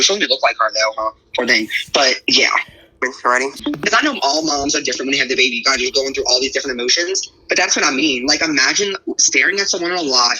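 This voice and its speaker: A man's voice: fairly high pitch, sharp tone, husky, poor audio. A man giving rambling, blunt, profane casual commentary to an online audience.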